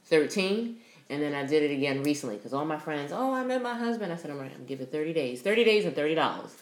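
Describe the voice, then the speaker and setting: A woman's voice: deep voice, fast talker, echoey room. A woman telling stories in a casual podcast chat, laughing often and acting out what people said. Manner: laughing, animated storytelling.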